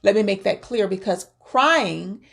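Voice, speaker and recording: A woman's voice: mid-range voice, expressive, a little slow, vocal fry. Earnest woman sharing faith advice. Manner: earnest, repeats words while searching for them. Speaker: faith-based grief vlogger. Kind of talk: personal spoken advice.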